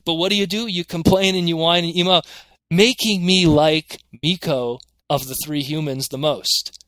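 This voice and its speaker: Male podcast co-host, bright and high-pitched; animated, filler-heavy casual chat. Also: dry recording. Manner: animated, fast, lots of "like" and "you know".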